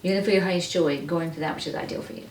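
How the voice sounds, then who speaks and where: A woman with a low voice gives a pick-a-card tarot reading and speaks directly to her listeners, earnest and encouraging. She sits away from the mic in an echoey room with faint background noise. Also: very fast, recorded from a distance. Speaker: tarot reader.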